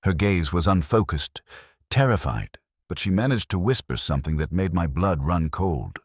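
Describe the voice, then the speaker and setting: A man's voice: low-pitched, animated, moderate pace, husky, dry recording, studio quality. A man narrating a mystery story in a dramatic storytelling manner.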